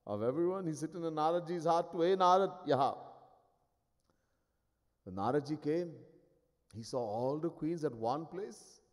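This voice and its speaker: A man giving a devotional discourse as a swami, telling a story animatedly and chuckling often. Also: mid-range voice. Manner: animated, acts out each figure, chuckles often. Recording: live talk, long hall reverb.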